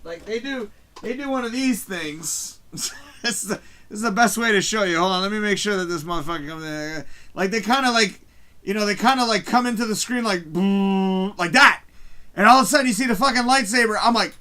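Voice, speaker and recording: Excitable, swearing male livestream host. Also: high-pitched, moderate pace. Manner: swears constantly, shouts when excited. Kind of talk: excited live review rant. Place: home room, early morning. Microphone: home streaming mic, distorting when loud.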